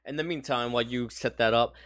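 A man hosting casually, explaining a rap challenge with a relaxed, stumbling delivery. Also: medium pitch, quick pace, no room sound, clean studio sound. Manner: relaxed, stumbles over words. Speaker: host.

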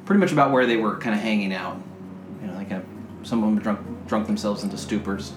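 A man's voice: lowish voice, fast. A man narrating a tabletop game as game master, chatty with laughing asides. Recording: roomy sound with faint music.

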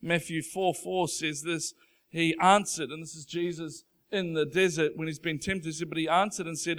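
A man preaching a Sunday sermon with a slightly higher-than-usual voice. He talks to the congregation in a plain, earnest way and builds to loud, emphatic stretches. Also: steady tone, normal speed. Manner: earnest, conversational preaching that grows louder and more emphatic. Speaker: pastor. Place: church stage before a congregation.

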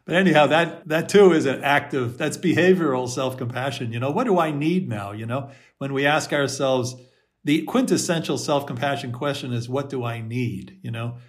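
Gentle man teaching on a video call. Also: mid-range voice, normal speed. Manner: gentle, reflective, laughs softly, acts out inner voices. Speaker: host and self-compassion teacher.

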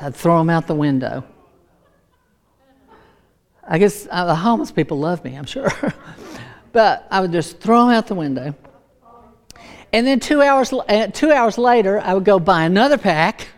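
A middle-aged woman giving a sermon as a personal story, animated and laughing often, acting out voices. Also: mid-range voice, unhurried, long pauses. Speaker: preacher.

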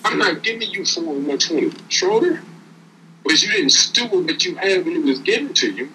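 A man's voice: high voice, animated, a little fast, sharp tone, a little hiss or hum, rough recording. A man giving casual, streetwise motivational talk as a podcast co-host, preaching and repeating words as he builds each point.

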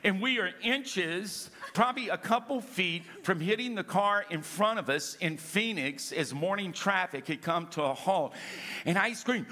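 A man's voice: high voice, moderate pace. A middle-aged man preaching a sermon to a congregation, calling out to them and acting out little scenes. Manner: animated preaching with audience call-outs. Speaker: pastor. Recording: long reverb of a large hall.

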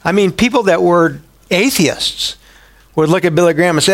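A male pastor with a gravelly yet high voice preaches a sermon at a moderate pace. His style is conversational, sprinkled with rhetorical questions.

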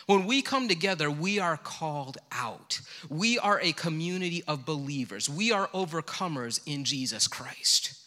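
Middle-aged male pastor, bright and forceful tone, chatty sermon storyteller, reverberant church hall. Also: a little high, lively intonation, moderate pace, hardly any pauses. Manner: storytelling, conversational and self-deprecating. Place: church sanctuary.

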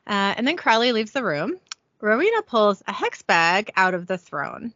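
A woman's voice: medium pitch, big pitch swings, moderate pace, fairly bright tone, no echo, dull audio. A woman co-hosting a casual podcast, chatting with a giggly manner as she recaps a TV episode and reads out lines of dialogue. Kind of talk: casual chat. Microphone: headphones with a home mic.

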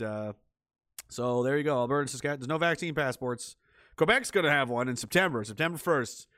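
A middle-aged man rants through sarcastic political commentary on a livestream, reading out chat messages with lots of profanity and scorn. His medium-pitched voice is a bit bright, and the clean studio sound has no room sound.

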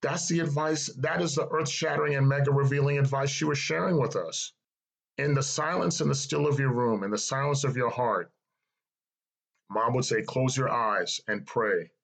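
A man's voice: mid-range voice, normal speed, creaky, rough recording. A middle-aged man giving an earnest, reflective personal testimony and repeating phrases for emphasis. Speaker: speaker sharing his life story.

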